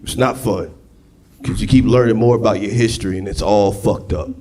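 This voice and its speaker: A man performing a loud, profane live stand-up set on a club stage, jumping into shouted high voices for his characters. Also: steady tone, a little fast, a little hiss or hum. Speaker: stand-up comedian. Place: comedy club stage before a laughing crowd. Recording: live club room with crowd. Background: audience laughter.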